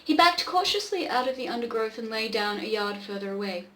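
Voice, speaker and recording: A woman's voice: on the high side, expressive, fairly quick, bright, forceful tone, echoey room, poor audio. A woman hosting a show, casually reading an old pulp story aloud, with irreverent swearing asides. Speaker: podcast host reading old pulp stories.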